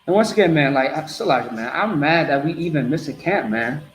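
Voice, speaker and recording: A man's voice: on the high side, lively intonation, fairly quick, reverberant, low-quality recording. A man preaching bluntly to a group in a streetwise, repetitive way.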